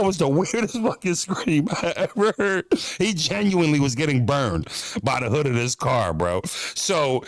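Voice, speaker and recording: A man from the United States telling a story on his vlog in an animated, profane, streetwise way. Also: fairly high pitch, normal speed, creaky, dry recording, clean studio sound. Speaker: vlogger.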